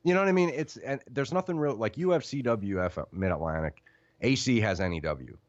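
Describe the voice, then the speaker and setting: A man's voice: mid-range voice, animated, brisk, no room sound, muffled recording. A man from central Pennsylvania chatting as a guest, rambling and trailing off. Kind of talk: casual chat.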